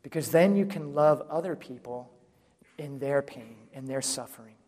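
A man delivers a sermon in a conversational way, often checking in with the people listening. His voice sits at a middle pitch. The church hall around him is echoey, with a long reverb tail. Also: moderate pace, dark tone. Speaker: preacher.

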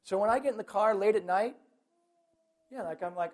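A middle-aged man, a Catholic priest, preaching in a chatty, animated way with self-mocking humor and personal stories. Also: high-pitched, a little fast. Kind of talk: lively sermon with personal stories.

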